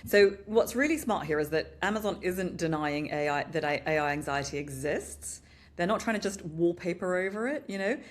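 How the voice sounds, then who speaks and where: A woman's voice: on the low side, normal speed. A British woman co-hosting a podcast, chatting casually and with animation about advertising, often saying "you know". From Britain. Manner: animated, upbeat commentary with frequent "you know". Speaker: podcast co-host. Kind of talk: casual marketing discussion.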